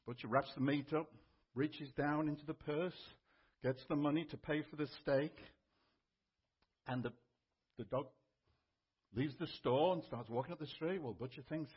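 Male pastor, relaxed teaching sermon, slightly high and husky. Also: normal speed, lo-fi sound. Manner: conversational teaching, with fillers.

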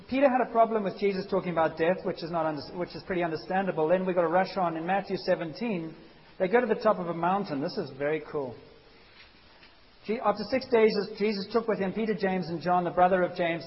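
A man preaching a sermon as a pastor, animated and conversational, acting out quotes. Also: high-pitched, fast. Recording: dull hissy recording in a reverberant hall.

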